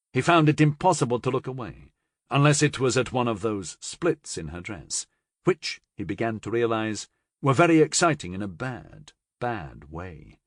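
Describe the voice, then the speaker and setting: A man narrating a science fiction audiobook in an expressive reading style. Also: fairly low pitch, no room sound, clean studio sound. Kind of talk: scripted narration.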